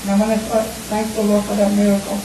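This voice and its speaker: A middle-aged woman, giving a personal church testimony in an earnest, halting way with many fillers. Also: mid-range voice, completely flat delivery. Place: church hall. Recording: echoey hall, from far off, faint noise.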